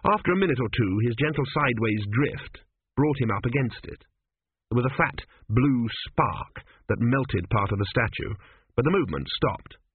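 A man reading comic narration aloud in a wry, measured storytelling manner. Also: mid-range voice, a little hiss or hum. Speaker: audiobook narrator. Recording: dry, phone-like narrow sound.

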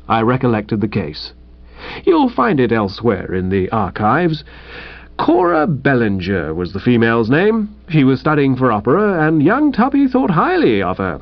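A man narrating a comic first-person audiobook in a brisk, chatty way. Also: mid-range voice, huge pitch swings, dry recording, highs cut off.

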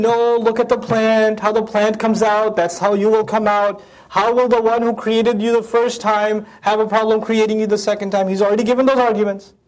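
A man lectures on the Quran at a rapid clip, his voice sitting high. He recites Arabic lines and unpacks them with lively, acted-out voices. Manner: animated, acts out voices of the verses; recites Arabic verses then translates. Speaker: Quran teacher.

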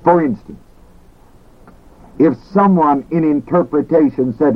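A man teaching a class on ministry in a slow, deliberate way, repeating his key words. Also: fairly high pitch, lively intonation, narrow, tinny audio. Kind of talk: recorded teaching lecture.

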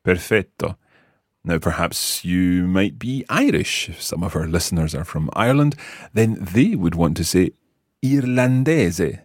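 A man's voice: sits low, animated, moderate pace, slightly rough, no echo, studio quality. A Scottish man teaching a podcast language lesson, patiently modelling words for learners. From Scotland.

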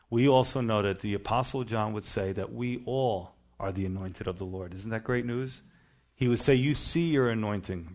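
A male pastor preaching a sermon, building to emphatic bursts and then dropping to quieter asides. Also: lowish voice.

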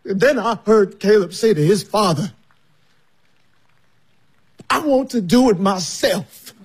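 A man's voice: high voice, animated, husky, full character voice. A man playing John, a bitter young man. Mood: bitter, taunting. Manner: slow, taunting, repeats his words.

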